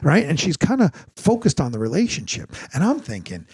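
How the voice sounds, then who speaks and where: A man's voice: a little high, wildly swooping pitch, fairly quick, a little mellow, slightly rough. A middle-aged man hosting a podcast, telling a story in casual chat, acting out quotes and swearing freely. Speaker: podcast host.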